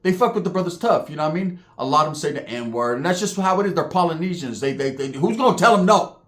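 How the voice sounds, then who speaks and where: A man telling a story in a loose, streetwise way, swearing freely and dropping "right?" after his points. His voice sits somewhat high for a man. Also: animated, quick pace, a bit bright. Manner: streetwise, profane, frequent "right?" asides. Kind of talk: casual spoken storytelling.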